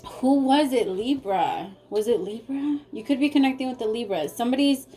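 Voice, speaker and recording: A woman's voice: on the high side, normal speed, warm tone, husky. A woman giving a casual spoken tarot reading, speaking straight to her viewers with a lot of feeling. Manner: emotional, talks straight to viewers. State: tearful. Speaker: tarot reader.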